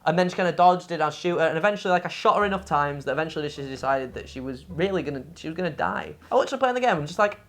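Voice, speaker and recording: A woman's voice: deep voice, rapid-fire, hardly any pauses. Woman ranting, swearing, exasperated. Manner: exasperated ranting, profane, animated. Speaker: game reviewer co-host. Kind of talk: casual review chat.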